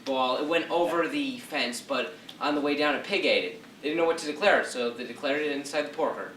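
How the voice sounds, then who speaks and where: A young man telling pun jokes to friends in a deadpan way. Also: mid-range voice, fairly quick, a little hiss or hum. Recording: roomy, distant camera mic.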